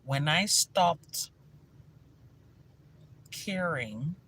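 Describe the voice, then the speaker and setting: A man with a Nigerian accent, a spiritual teacher telling stories to viewers in a lively, energetic way with bursts of laughter. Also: on the high side, extremely slow, breathy edge. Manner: energetic, animated storytelling with laughter. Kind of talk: casual teaching talk to viewers.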